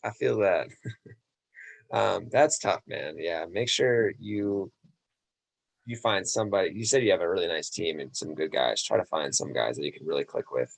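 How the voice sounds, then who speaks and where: A man's voice: low-pitched, animated, normal speed, creaky. A man on a podcast chatting casually in an easygoing, encouraging way. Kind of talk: casual chat.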